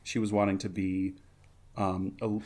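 A man's voice: sits low, little pitch movement, a little slow, darkish tone. A man co-hosting a casual podcast, rambling and laughing often, a bit tipsy from a drink. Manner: rambling, laughs often, quotes film lines. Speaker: podcast co-host. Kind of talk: casual movie-watching chat.

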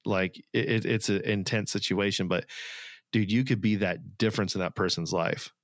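Low-voiced guy rambling on a podcast, earnest, lots of ums, dry close sound. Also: steady tone, normal speed, no echo. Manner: rambling, earnest, many fillers and restarts. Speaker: podcast co-host. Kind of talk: casual chat.

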